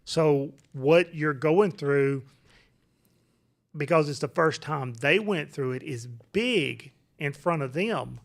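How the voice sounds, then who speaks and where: A gravelly voiced man in his forties gives fatherly advice, his pitch a touch high. He speaks calmly and reassuringly, like a parent who has been there before. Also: takes it slowly. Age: 40s. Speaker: podcast co-host, father. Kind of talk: casual advice talk.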